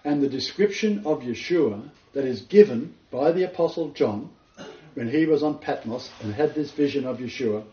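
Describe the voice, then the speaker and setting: In a lo-fi recording that sounds dull, roomy and far off, a male Bible teacher with a mid-range voice explains scripture at a moderate pace. He's animated, earnest and detailed as he leads the informal study.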